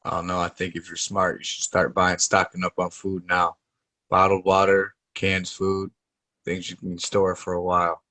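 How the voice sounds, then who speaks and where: A man with a fairly low voice chats in a laid-back way, dropping jokes into the conversation. His voice sounds dry and close, with no room echo. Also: monotone, normal speed, bright, forceful tone. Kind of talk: casual podcast chat.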